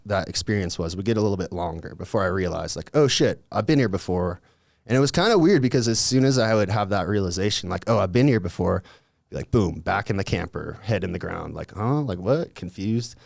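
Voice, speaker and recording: A man's voice: on the low side, lively intonation, brisk, gravelly, no room sound, studio quality. A young man telling a story in a laid-back, rambling way, with lots of filler words and swearing. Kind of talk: casual storytelling.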